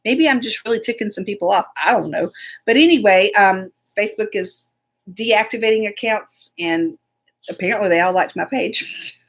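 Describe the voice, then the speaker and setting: A woman's voice: medium pitch, moderate pace. A woman hosting a casual live stream, chatty and laughing often as she greets viewers by name. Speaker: host.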